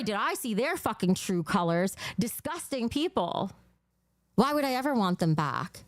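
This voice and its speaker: A woman's voice: on the high side, dry recording. A woman with a New Jersey accent hosting a casual livestream, blunt and profane at times and gushing over viewers' donations. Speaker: livestream host.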